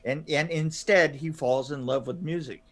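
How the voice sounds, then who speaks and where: A man co-hosting a podcast in casual chat, halting with many fillers and restarts and laughing often. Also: on the high side. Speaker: podcast co-host.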